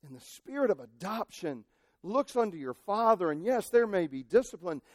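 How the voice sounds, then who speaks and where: A male pastor preaching a sermon, impassioned, moving from shouted cries to near-quiet asides. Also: high voice, very animated, normal speed, dry recording, studio quality.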